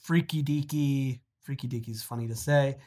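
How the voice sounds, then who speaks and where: A woman with a rumbling low voice co-hosts a casual podcast at a moderate pace. She reads out listener emails in a giggly, animated way, full of fillers and laughter.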